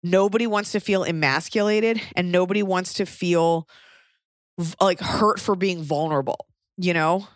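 A woman's voice: lowish voice, moderate pace, no echo, clean studio sound. A woman in her thirties, a comedian hosting a podcast, giving blunt, crude, rambling advice in casual chat.

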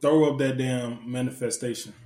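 A man co-hosting a casual podcast, talking loud and joking, laughing often. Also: medium pitch, steady tone, moderate pace, roomy sound. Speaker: podcast co-host.

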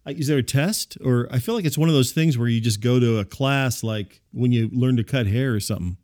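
A man hosting a comic audio show, telling rambling neighborhood stories in a dry, deadpan way with wry asides. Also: mid-range voice, a little fast. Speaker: host.

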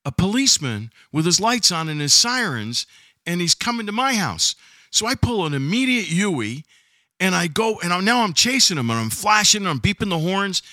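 An excitable man spins a story in casual chat, his voice leaping up and down with every turn. His tone is bright and cutting, recorded dry and close to the mic. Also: high voice, moderate pace, no room sound. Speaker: storyteller being interviewed.

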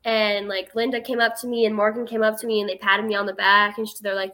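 A woman's voice: medium pitch, flat delivery, fast talker, pushed and bright. An eighteen-year-old woman telling a story as a guest in a casual interview, chatty and filling her speech with "like".

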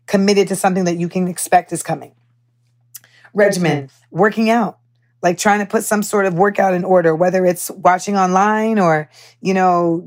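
A young American woman hosting a podcast, telling stories casually with heated, animated asides and swearing. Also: fairly low pitch. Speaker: podcast host. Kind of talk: casual storytelling monologue.

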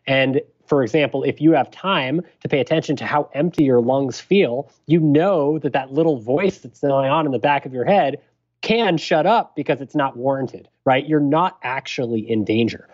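A man speaks as a physician guest in a steady, explanatory way. His voice sits in an ordinary middle register. The recording is a bit dull and lo-fi. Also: mid-range voice. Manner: measured, explanatory. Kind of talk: podcast interview.

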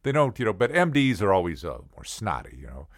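A middle-aged man with a low voice tells a personal tale, swinging his pitch widely as he goes. He talks casually and chattily, turning to the listener with asides and acting out the people in his story. The sound is dry and close, with no room around it. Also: quick pace, dry recording. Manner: animated, acts out the other people's voices. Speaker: podcast storyteller.

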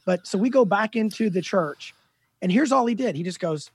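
A man in his fifties with a notably high, husky voice, telling lively, self-deprecating stories as a guest author. The recording is dry and close, with no room sound. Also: fairly quick, no echo. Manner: animated, self-deprecating storyteller. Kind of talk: casual storytelling interview.

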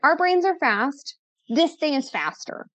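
A woman's voice: high-pitched, animated, a little slow, fairly bright tone, no room sound. A woman speaking as a guest in a casual interview, chatty, upbeat and a little sassy. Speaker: podcast guest, content coach.

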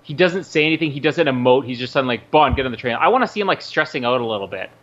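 A man's voice: medium pitch, lively intonation, very fast, fairly bright tone, muffled recording. A man co-hosting a casual film commentary chat, teasing and laughing with his co-host. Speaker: podcast co-host.

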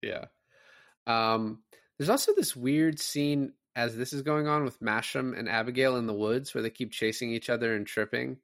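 This podcast co-host talks casually about a film, recapping scenes and laughing often. His medium-pitched voice is a bit bright, with fairly even intonation and a moderate pace. The recording is clean studio sound with no room echo.

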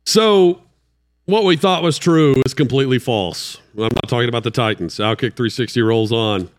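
A man's voice: mid-range voice, moderate pace. Male sports radio host running the show. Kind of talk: sports talk banter.

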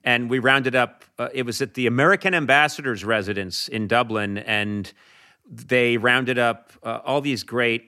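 A man chatting casually as a guest, telling lively anecdotes. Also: mid-range voice, moderate pace, smooth. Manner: animated storyteller, slips into Irish voices for laughs. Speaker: talk show host, guest.

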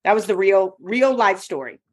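A woman hosting a podcast who tells a personal story in an emphatic, expressive way. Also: medium pitch, normal speed. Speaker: podcast host and author. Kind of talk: casual podcast chat.

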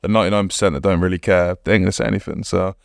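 A man's voice: low voice, steady tone, racing, vocal fry, no echo, clean studio sound. A young man, a guest on a podcast, talking casually and bluntly, swearing and laughing often. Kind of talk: casual chat.

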